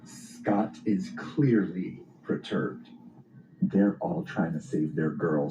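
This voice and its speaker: A man telling a wry anecdote in an animated storytelling style, in a dull, roomy clip. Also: low-pitched, takes it slowly, a little hiss or hum.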